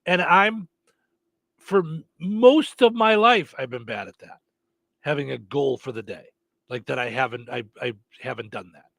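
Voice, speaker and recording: A man's voice: mid-range voice, lively intonation, moderate pace, vocal fry, a bit bright, no echo. A man hosting a morning radio show, chatting casually with lots of fillers and restarts. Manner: rambling, many fillers and restarts.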